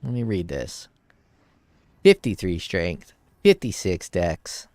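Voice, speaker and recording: A man casually commenting on his gameplay as a streamer. He swears freely, gets excited, and reads item text aloud. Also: deep voice, slow, no room sound. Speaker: game streamer.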